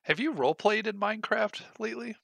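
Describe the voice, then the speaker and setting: A young man co-hosting a casual podcast, rambling and halting, restarting his sentences. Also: high voice, gravelly, pushed and bright, husky, no room sound. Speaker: podcast co-host.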